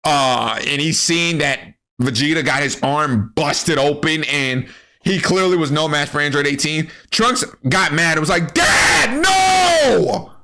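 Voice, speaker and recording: Man, comedic anime recap rant, profane slang, lively jokes, high-ish bright voice. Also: a little slow. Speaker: anime commentary creator.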